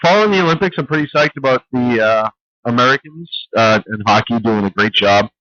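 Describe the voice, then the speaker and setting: A man's voice: mid-range voice, brisk, pushed and bright, dry recording, muffled recording. A man co-hosting a late-night radio talk show, wry and playful, and often laughing in casual banter.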